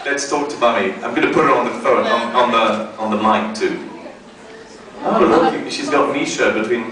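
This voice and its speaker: A man's voice: medium pitch, moderate pace, background noise. A man joking with a fan on a convention panel, teasing and theatrical, calling people darling. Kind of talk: playful live panel banter. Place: large convention hall. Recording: echoey hall, mic far off, loud crowd.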